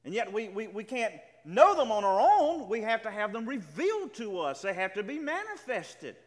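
Animated high-voiced male preacher. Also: moderate pace. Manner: emphatic, repetitive, stammering restarts, quotes scripture dramatically. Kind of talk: sermon. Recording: reverberant hall.

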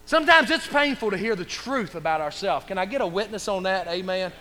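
High-voiced preacher man in a reverberant church. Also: expressive, fairly quick, pushed and bright. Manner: emphatic preaching with call-and-response asides. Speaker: pastor. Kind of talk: sermon. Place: church sanctuary.

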